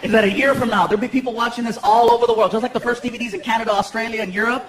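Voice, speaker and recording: A man performing a stand-up comedy set in a theater, telling animated stories and acting out other people's voices for laughs. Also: very high-pitched, very fast, very noisy. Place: large theater stage before a live audience. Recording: live theater with loud audience laughter and room echo.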